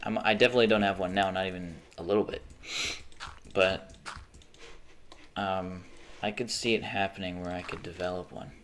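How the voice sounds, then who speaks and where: A man's voice: sits low, steady tone, normal speed, long pauses, fairly bright tone, slight background noise. A young man livestreaming from home, ranting casually with lots of swearing and frequent restarts mid-sentence. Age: young adult. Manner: profane, ranting, frequent self-interruptions and restarts.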